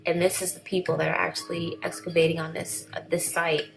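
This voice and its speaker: A woman's voice: lowish voice, flat delivery, fairly quick, gravelly, soft background music, rough recording. A woman chatting casually in a vlog, rambling and correcting herself as she reads through things. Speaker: vlogger.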